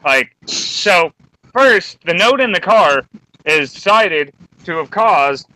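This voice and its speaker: A man's voice: sits high, animated, slow, sharp tone, no echo, rough recording. An angry man ranting and swearing heavily as a co-host in a round table discussion. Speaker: podcast co-host.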